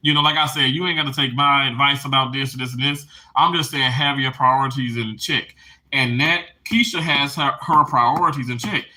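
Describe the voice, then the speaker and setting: A man live streaming casually to his chat, emotional and animated, laughing and tearing up as he talks. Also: mid-range voice, moderate pace.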